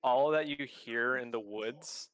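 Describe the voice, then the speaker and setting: A man's voice: mid-range voice, slow pace, no echo. A man playing a tabletop game, describing his character's actions in vivid detail. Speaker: player.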